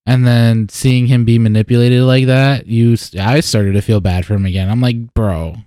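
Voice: medium pitch, steady tone, normal speed, dark tone, no echo, clean studio sound. A co-host in casual chat, reacting in a laid-back way with frequent chuckles.

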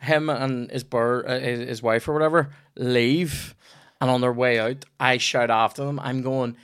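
A man's voice: medium pitch, steady tone, measured pace, a bit bright, clear, resonant tone, no room sound, studio quality. A young man with a Northern Irish accent, a comedian hosting a podcast, telling stories in casual chat and swearing freely. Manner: rambling storyteller, swears freely.

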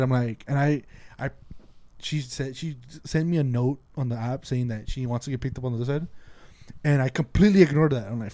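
A man's voice: a little high, a little fast, a little mellow. A man telling a story in casual, profane chat, acting out the people he quotes.

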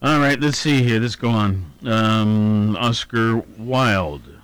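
A man's voice: lowish voice, expressive, slow, fairly bright tone, clean tone, no echo. A man hosting a radio show who reads the day's anniversaries and birthdays in a meandering way, humming filler syllables and correcting himself aloud. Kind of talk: casual on-air chat, reading daily almanac.

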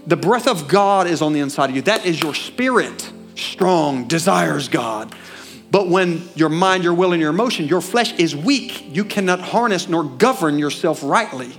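High-voiced Southern preacher. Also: male voice, moderate pace, faint music behind. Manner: animated, asks the congregation questions, swings from loud to hushed. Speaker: pastor. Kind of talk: sermon. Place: church.

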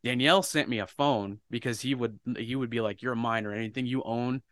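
A man's voice: medium pitch, a little fast, no room sound. A man telling a personal story in casual podcast chat, swearing freely and acting out the people in it. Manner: profane, animated storyteller. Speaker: podcast co-host.

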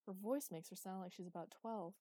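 A woman's voice: medium pitch, brisk, warm tone, dry recording, natural voice. A woman reading the part of a cautious, serious young man who speaks urgently and insistently. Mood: tense.

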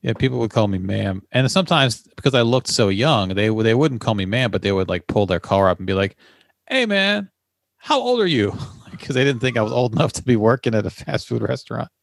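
Co-host, man, low-leaning voice, rambling and easygoing, dry close recording. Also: creaky, no echo. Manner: chatty, quick to laugh, rambling. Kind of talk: casual chat.

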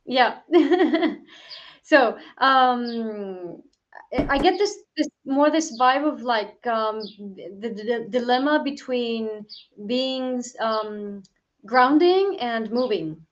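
A woman's voice: fairly high pitch, animated, drawn-out words, dull audio. A woman co-hosting a live online show over a video call, talking astrology in a hesitant way with many fillers. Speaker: astrologer and co-host. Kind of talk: casual chat on a video call.

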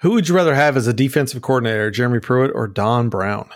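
A man's voice: mid-range voice, expressive, fast talker. A man co-hosting a sports podcast, reading listener questions and chiming in with short agreeing replies. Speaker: podcast co-host. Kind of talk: casual sports chat.

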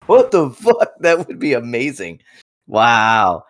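A man co-hosting a casual podcast chat, animated and swearing freely, often trailing off and restarting. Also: medium pitch, slow pace, no echo, studio quality. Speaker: podcast co-host.

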